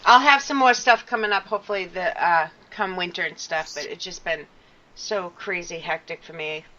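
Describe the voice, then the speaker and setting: Bright-voiced teasing woman. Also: fairly low pitch, moderate pace. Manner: teasing, offhand, trails off quietly. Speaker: podcast co-host. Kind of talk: casual chat. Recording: dull lo-fi stream audio.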